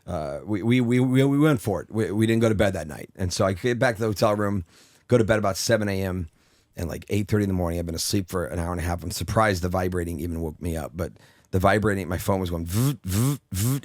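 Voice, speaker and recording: A male comedian telling an animated story on a podcast, often restarting his sentences. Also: low voice, fast talker, dry recording, studio quality. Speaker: comedian guest.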